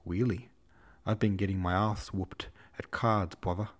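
A man's voice: deep voice, fairly even intonation, unhurried. Denisov, a man doing a hot-tempered lisping officer. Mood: blustering. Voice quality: cannot pronounce his R's. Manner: blustering, swearing. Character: gruff hot-tempered young male cavalry officer.

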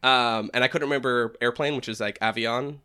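A man's voice: mid-range voice, fairly even intonation, a little fast, sharp tone, clean tone. A young man from New Hampshire with a New England accent, chatting casually and laughing at himself. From New Hampshire, USA. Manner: rambling, laughs often, self-mocking. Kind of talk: casual chat.

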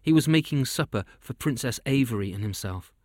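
A man narrating a children's fantasy story in a steady, even storytelling voice. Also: mid-range voice, brisk, no room sound, clean studio sound. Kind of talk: storybook reading.

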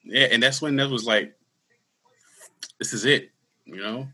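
A man in his thirties telling his personal story in an interview, earnest and candid, with halting restarts. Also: mid-range voice, sharp tone, slightly rough. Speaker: guest; school security worker.

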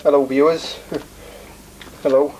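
A man's voice: fairly high pitch, level tone, takes it slowly, a little mellow, a little hiss or hum, low-quality recording. Man doing a bumbling, apologetic car thief. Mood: sheepish. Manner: rambling, hesitant.

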